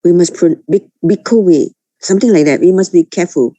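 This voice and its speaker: A woman's voice: lowish voice, a little fast, dark tone, no room sound. A woman student asking her teacher a question in class, hesitant and restarting her sentences often.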